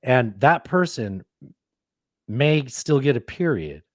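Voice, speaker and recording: A man co-hosting a podcast, riffing on clips with sarcasm and a riled-up edge. He keeps restarting his sentences. His voice sits in a middle pitch and sounds close and dry, with no room around it. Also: sing-song, takes it slowly, pauses often, no echo. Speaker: podcast co-host. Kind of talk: casual podcast commentary.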